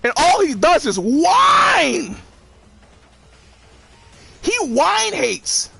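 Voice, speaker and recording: A man's voice: extremely high pitch, big pitch swings, unhurried, creaky, a bit bright, faint music behind. A young man streaming a game, rambling profanely with lots of restarts and laughs. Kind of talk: casual commentary while gaming.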